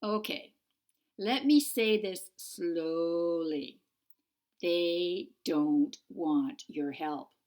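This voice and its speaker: A woman's voice: on the low side, expressive, unhurried. A woman voicing a sardonic female cat familiar in an audiobook, dry and sarcastic. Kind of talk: audiobook character voice.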